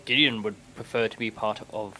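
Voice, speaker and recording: A man's voice: lowish voice, fairly even intonation, brisk, pushed and bright. A man playing a tabletop game, chatting in a playful, stammering way. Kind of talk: casual chat.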